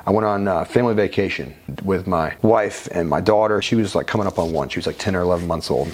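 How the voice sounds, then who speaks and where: Speaking quickly in a deep voice, a man being interviewed tells his own life story frankly and conversationally, swearing casually along the way.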